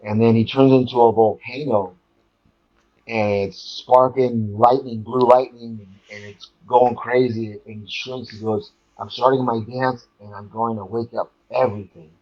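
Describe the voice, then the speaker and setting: A man talking casually as an interview guest, recounting his experiences and acting out quotes with sudden jumps in pitch. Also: fairly even intonation, measured pace. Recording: dull lo-fi audio.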